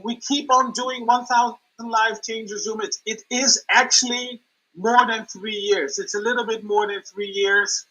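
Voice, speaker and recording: Bright, husky man on a video call. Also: high voice, measured pace, low-quality recording. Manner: relaxed, joking, hesitant fillers. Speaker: guest speaker. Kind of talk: casual chat. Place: hotel room.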